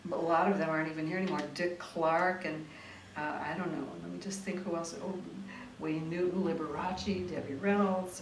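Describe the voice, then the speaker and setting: A woman author, a former tabloid reporter, reading her memoir dramatically and then chatting in an interview, recorded from a distance in a roomy room. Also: sits low. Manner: vivid, dramatic reading; chatty, restarting in talk. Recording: roomy room, distant mic, faint noise.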